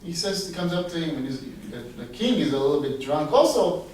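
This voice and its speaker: A rabbi with a high voice tells a parable to his listeners in a relaxed, chatty way. He is recorded from far off, with heavy reverb from a large hall. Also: brisk, a little hiss or hum. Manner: animated, conversational storytelling with asides. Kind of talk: storytelling sermon. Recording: very echoey, distant mic.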